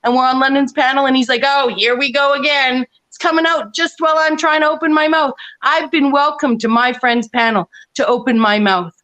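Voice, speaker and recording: Woman, fairly high voice, casual panel chat, rambling, many restarts. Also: a little fast, few pauses, a bit bright. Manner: rambling, many restarts and fillers, laughing often. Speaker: panel guest.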